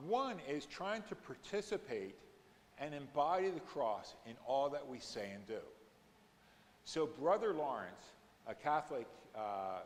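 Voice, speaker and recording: A man's voice: mid-range voice, in a large hall. A man teaching an adult education class at a church, explaining scripture readings step by step and rising to emphatic moments when he quotes them.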